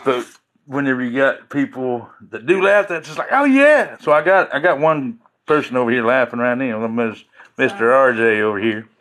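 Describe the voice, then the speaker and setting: A man's voice: medium pitch, normal speed, a bit bright. A man hosting a casual livestream, joking and rambling with his viewers and laughing often. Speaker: livestream host chatting with viewers.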